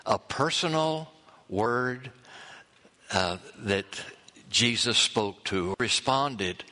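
A man preaching a sermon, reading scripture aloud and acting out the quoted lines with chuckles and pauses. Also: mid-range voice, lively intonation, sharp tone. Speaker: pastor.

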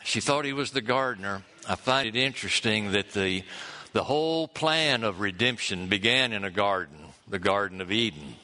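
A man preaching a sermon, reading scripture aloud and acting out the quoted lines with chuckles and pauses. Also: fairly low pitch, pushed and bright. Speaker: pastor.

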